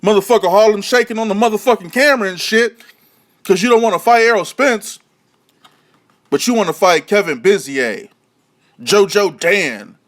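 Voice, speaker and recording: A man's voice: sits high, lively intonation, fairly quick. A man rants about boxing, swearing freely. He mocks and repeats himself in a heated, scornful vlog delivery. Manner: heated, mocking, repetitive. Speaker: boxing vlogger. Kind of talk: profane ranting commentary.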